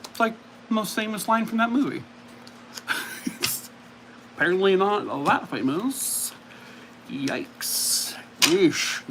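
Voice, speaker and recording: A man's voice: high voice, fairly bright tone, a little hiss or hum. A man hosting a casual livestream, chatting and mocking himself as he reacts to viewer comments. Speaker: livestream host.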